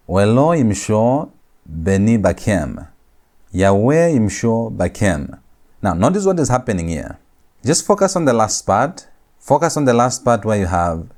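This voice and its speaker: A man teaching a Hebrew grammar lecture, repeating each phrase slowly and stressing key words for his students. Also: lowish voice, a little mellow. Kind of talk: recorded classroom lecture.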